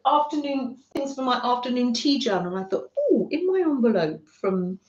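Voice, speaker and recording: A woman's voice: on the high side, expressive, moderate pace, a little mellow. A middle-aged woman from the UK hosting a craft livestream, gushing and chatting with her viewers. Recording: roomy, dull lo-fi home stream audio.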